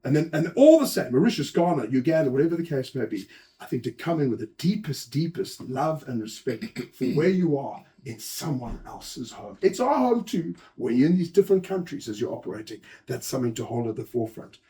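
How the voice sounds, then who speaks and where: A man giving a lively conference talk, telling anecdotes, acting out quoted lines and chatting with the audience. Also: mid-range voice, brisk. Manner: animated storyteller, acts out quotes, chats with audience. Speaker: host and speaker.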